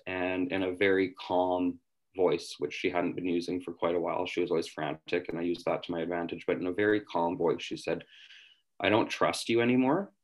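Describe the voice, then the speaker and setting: A man's voice: deep voice, low-quality recording. A man from western Canada telling his own story in an interview, candid and earnest. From West Kootenays, British Columbia, Canada. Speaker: interviewee in addiction recovery. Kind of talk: reflective interview answers.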